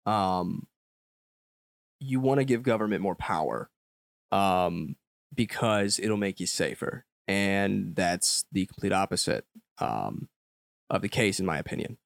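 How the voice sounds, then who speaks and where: A man's voice: low-pitched, a little slow, gravelly, no echo. Blunt young American man telling stories. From United States. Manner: blunt and animated storytelling, with casual swearing. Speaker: podcast guest. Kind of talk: casual conversation.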